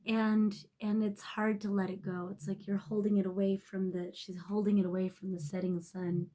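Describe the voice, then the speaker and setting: A woman reads tarot to camera in a loose, rambling way, with her voice at an ordinary middle pitch for a woman. She is emotional and swears freely, and she often sinks to a soft near-whisper. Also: little pitch movement, normal speed. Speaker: tarot reader. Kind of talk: casual tarot reading to camera.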